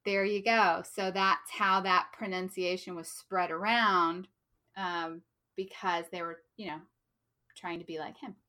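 A woman's voice: lowish voice, fairly even intonation, a little slow. An American woman co-hosting a podcast, explaining stories in a chatty, easygoing way. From United States. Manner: bright, chatty, laughs easily. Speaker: podcast co-host. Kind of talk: casual podcast chat.

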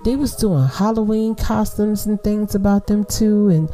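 A woman's voice: medium pitch, unhurried, dark tone, soft background music. A middle-aged woman hosting a podcast, giving casual, slangy advice and laughing often as she talks. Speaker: podcast host.

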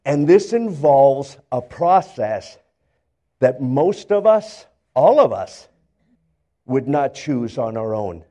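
Animated older male pastor, lively sermon. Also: medium pitch, slow pace. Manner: animated storytelling, acts out characters, stammers repeats.

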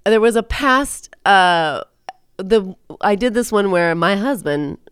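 A woman's voice: mid-range voice, lively intonation, takes it slowly, clean tone, no room sound, clean studio sound. A woman in her forties co-hosting a podcast, telling a story in a chatty, laughing way that is full of swearing. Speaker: podcast co-host. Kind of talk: casual chat.

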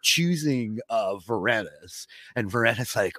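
A young man co-hosting a recap podcast. He talks in a loose, casual way, full of filler words, and his voice swings high when something excites him. The sound is dry and close to the mic. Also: normal speed, no echo. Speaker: podcast co-host.

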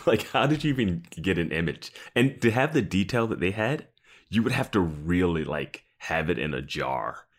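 A man's voice: sits low, big pitch swings, normal speed. A man co-hosting a podcast, casually reacting to a TV episode with amused, rambling commentary. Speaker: podcast co-host.

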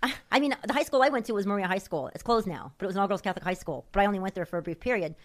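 A woman's voice: medium pitch, very fast. A woman from Chicago with a Chicago accent, chatting as a guest in an easygoing, hesitant way and laughing often. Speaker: guest, host's sister. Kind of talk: casual chat.

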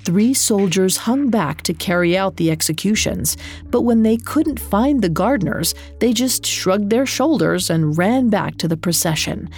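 A woman reading a storybook aloud in a calm, measured, expressive narration. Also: mid-range voice. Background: soft music.

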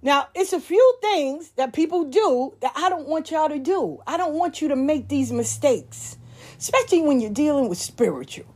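A woman's voice: sits high, animated, normal speed, darkish tone. A woman telling personal stories and giving life advice in a candid, profane way, full of slang. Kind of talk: casual storytelling talk.

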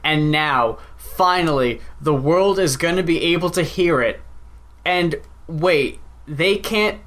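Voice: mid-range voice, slow pace, fairly bright tone. A speaker in a casual podcast chat who swears freely and acts out little scenes.

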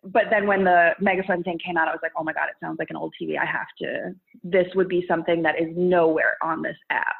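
A woman's voice: lowish voice, fairly even intonation, fast, vocal fry, husky. A woman content creator chatting casually in an interview, rambling with restarts and laughing often. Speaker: social media creator. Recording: tinny phone-like line.

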